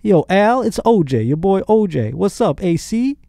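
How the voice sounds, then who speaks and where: A man's voice: high-pitched, big pitch swings, moderate pace, vocal fry, warm tone, no room sound, clean studio sound, voice pushed up, full character voice. A man doing an impression of a famous man, wheedling and brash in a buddy-buddy way. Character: impression of a famous sly ex-athlete, middle-aged man.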